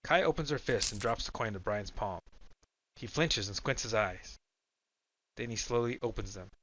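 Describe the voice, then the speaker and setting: A man narrating an audiobook in a steady, low-key way. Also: normal speed.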